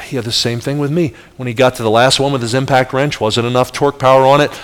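A middle-aged man from New Jersey preaching a sermon as a traveling evangelist, telling a personal story in an animated way, his voice jumping up for the punch lines. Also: medium pitch, fast, smooth. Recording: long hall reverb.

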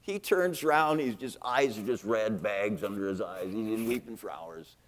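A man preaching a sermon, telling a story in a folksy, animated way and acting out the scenes. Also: on the low side, normal speed. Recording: long reverb in a big hall.

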